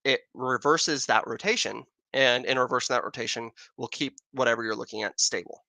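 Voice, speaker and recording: A man's voice: medium pitch, a little fast, creaky, pushed and bright, no room sound. An American man hosting a casual astronomy livestream, rambling as he answers viewer questions. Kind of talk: casual live-stream chat. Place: outdoors in Arizona with a telescope.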